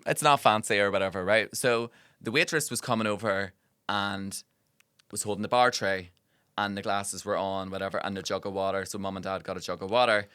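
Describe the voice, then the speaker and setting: Bright, punchy man. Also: on the low side, a little fast, clean tone, no room sound. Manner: animated storyteller, swears freely, frequent fillers. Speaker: podcast co-host. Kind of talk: casual chat.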